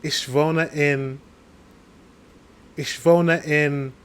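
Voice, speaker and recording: A British man hosting a reaction video, chatting casually, laughing often and slowly repeating phrases he is learning. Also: fairly high pitch, fairly even intonation, clean tone. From England.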